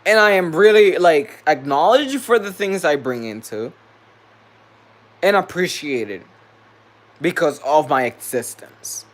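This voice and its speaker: A man's voice: on the high side, animated, takes it slowly, pauses often. A man venting to camera in a vlog, angry and profane, repeating himself as he rants. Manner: heated, profane, repetitive venting. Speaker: vlogger.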